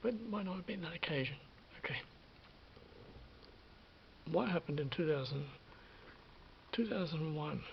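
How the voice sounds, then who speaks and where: A man's voice: on the high side, expressive, normal speed, creaky, long pauses, muffled recording, slight background noise. A middle-aged man tells a rambling personal anecdote to camera, hesitant and self-correcting, often sinking to a whisper. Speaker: vlogger.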